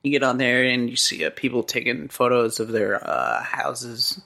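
A man's voice: medium pitch, fairly even intonation, normal speed, vocal fry, bright, forceful tone. A man co-hosting a casual comedy podcast, laid-back, riffing along and laughing. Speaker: podcast co-host.

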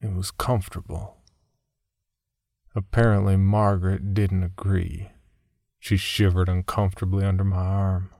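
A man narrating a first-person horror story in a very deep voice. He reads slowly and steadily with a measured, somber delivery. His voice has a gravelly, creaky texture. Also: flat delivery, mellow, no echo, studio quality.

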